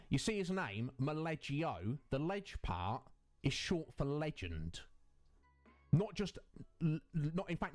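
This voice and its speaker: Man, streamer, casual chat, effusive, middle pitch, faint background music. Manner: effusive, chatty, greets viewers by name.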